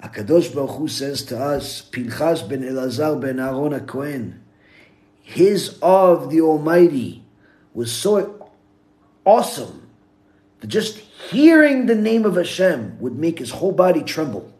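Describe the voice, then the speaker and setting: A man, a rabbi, giving a Torah lecture in English sprinkled with Hebrew terms, telling stories with big swings from hushed to loud. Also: fairly high pitch, big pitch swings, a little slow.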